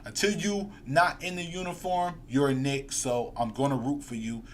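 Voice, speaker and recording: A man's voice: mid-range voice, fairly even intonation, normal speed, a little hiss or hum. A man hosting a live sports fan stream, ranting heatedly and reading viewer comments aloud. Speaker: podcast host.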